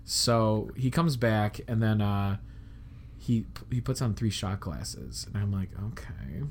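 This young man from the Chicago area, United States, hosts a podcast with a lowish, animated voice and a slow pace, with a little hiss or hum in the recording. His storytelling is casual, wandering, and filled with fillers.

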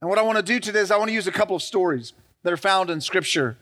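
A middle-aged male pastor with a notably high voice delivers a sermon to his congregation. He retells scripture stories and throws call-and-response questions back at the room. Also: lively intonation, very fast, bright, forceful tone.

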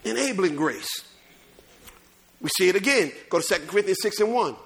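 Preacher, male, high bright voice, animated delivery with loud bursts and low asides. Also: a little fast, vocal fry, long pauses. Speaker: pastor. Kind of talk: sermon.

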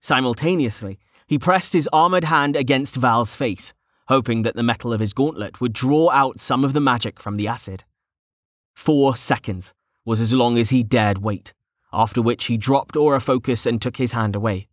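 A man reads a fantasy story in a steady storytelling voice. His pitch sits in the middle, and the recording is dry and close with no room sound. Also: moderate pace, dry recording. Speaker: audiobook narrator. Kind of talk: scripted fantasy narration.

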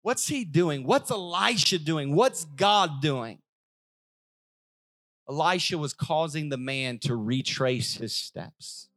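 A male pastor preaching a sermon with emphatic delivery, repeating phrases and swinging from loud, raised lines to soft, quiet ones. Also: on the high side, expressive, slow pace. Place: church service.

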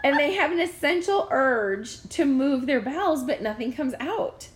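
A woman's voice: high-pitched, moderate pace. A young adult woman co-hosting a podcast, telling stories in casual chat and laughing often. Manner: animated, laughs often, storytelling. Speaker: podcast co-host.

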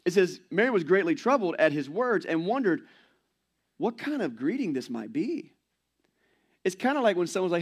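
Pastor guy in his 40s preaching, chatty and jokey, bit higher voice. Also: animated, fairly quick. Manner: conversational, playful, acts out quotes. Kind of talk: sermon.

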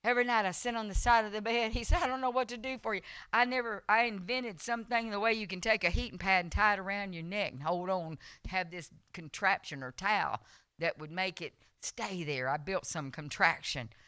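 A woman preaching a revival sermon, telling a personal testimony, swinging from soft storytelling to loud, emotional preaching. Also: medium pitch, a little fast, clear, resonant tone, no room sound, studio quality.

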